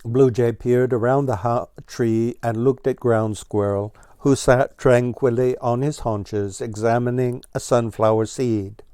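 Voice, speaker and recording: A man reading a children's story aloud in a slow, even storytelling manner. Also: mid-range voice, clean tone, no echo, studio quality. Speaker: storybook reader.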